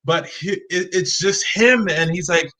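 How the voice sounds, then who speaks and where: A young man, a guest on a video call, telling animated stories and acting out the voices of people in them. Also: high voice, measured pace, low-quality recording. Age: young adult. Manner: lively, acts out voices in his stories. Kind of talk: animated storytelling.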